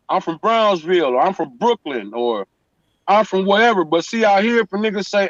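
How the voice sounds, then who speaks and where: A man talks in a fairly high voice, emphatic and story-driven, and keeps checking in with the listener. The sound is dull and lo-fi, like a call line, and very dry. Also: big pitch swings, moderate pace, fairly bright tone, no room sound. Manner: emphatic street storytelling, repeats "you know what I'm saying". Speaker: guest. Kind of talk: casual chat.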